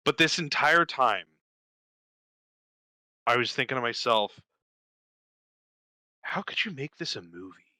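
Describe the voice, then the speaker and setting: Here the young co-host's casual chat is a story packed with curses and rapid character voices, delivered brightly, forcefully, and animatedly. His voice sits mid-range, and the dry, close recording has no room sound but is rough.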